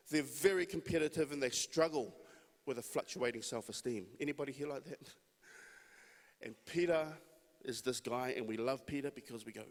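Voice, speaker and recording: A male pastor tells a story from the pulpit, easy and conversational. His voice sits a bit high, and a long reverb from the church hall trails after his words. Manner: conversational, storytelling with acted quotes. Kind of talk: sermon.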